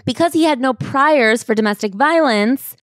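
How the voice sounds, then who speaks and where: A woman's voice: high-pitched, normal speed, no room sound. Woman podcast cohost, chatty n wry, says like a lot, dry close mic. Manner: conversational, wry, uses "like" a lot. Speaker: podcast co-host. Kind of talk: casual book-club chat.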